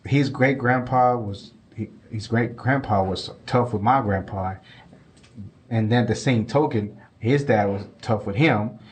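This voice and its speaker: Man, podcast co-host, casual rambling chat, repeats himself. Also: mid-range voice. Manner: rambling, repeats himself, animated when quoting.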